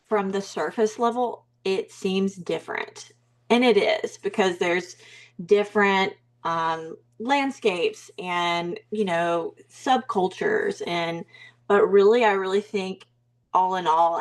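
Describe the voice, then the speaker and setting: A young woman from Alabama with a Southern accent, speaking as an interview guest in a hesitant, reflective way with many fillers and restarts. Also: mid-range voice. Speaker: mindset coach, guest. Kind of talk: casual interview talk.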